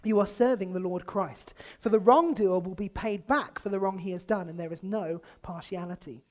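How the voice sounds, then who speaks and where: A young man preaching a sermon in a church, in a lively, conversational way that acts out the people he quotes and chuckles often. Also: sits high, moderate pace. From United Kingdom.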